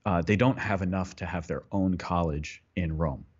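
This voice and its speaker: A man's voice: low-pitched, moderate pace, breathy edge, highs cut off. A man, a priest co-hosting a podcast, chatting casually and rambling through tangents with many restarts. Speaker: priest co-host.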